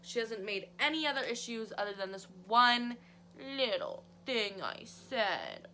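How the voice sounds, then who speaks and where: A woman voicing a stiff, dismissive male boss in his thirties who speaks flatly and curtly. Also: fairly high pitch, a little slow, a little hiss or hum, full character voice.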